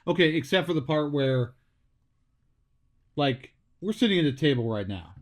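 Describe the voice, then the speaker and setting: A man co-hosting a casual podcast chat, chatty, with lively interjections. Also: fairly high pitch, normal speed. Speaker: podcast co-host.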